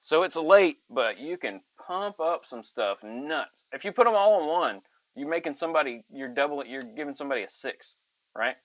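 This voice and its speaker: A man's voice: a little high, moderate pace, dry recording. Man, casual card-opening commentary, dry close sound, dull lo-fi audio. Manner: chatty, reads card text aloud with excited asides. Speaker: channel host.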